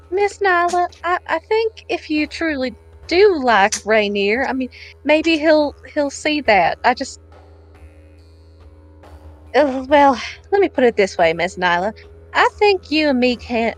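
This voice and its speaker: A woman's voice: on the high side, poor audio. A woman voicing a motherly older woman who comforts a crying girl in a folksy drawl, hesitant and fond of calling her honey.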